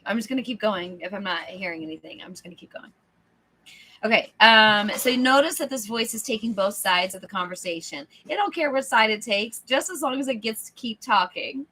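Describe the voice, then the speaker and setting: A woman's voice: medium pitch, a little fast, slightly rough. A woman hosting a book club, reading aloud casually, acting out lines, laughing, and checking in with listeners. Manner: animated, acts out the inner voice, laughs often. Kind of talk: live book club reading with chat asides.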